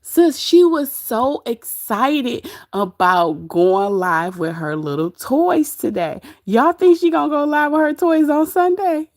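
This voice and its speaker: A woman's voice: sits high, lively intonation, slow, hardly any pauses, darkish tone, dry recording, clean studio sound. A woman hosting a casual livestream, gossiping about another streamer and laughing often as she reads the chat. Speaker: livestream host.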